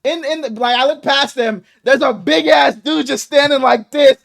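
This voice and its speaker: Young guy podcast cohost, high voice, animated rambling story, lots of swearing. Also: normal speed, creaky. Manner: animated, profane storytelling with acted quotes. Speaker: podcast co-host. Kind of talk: casual chat, storytelling.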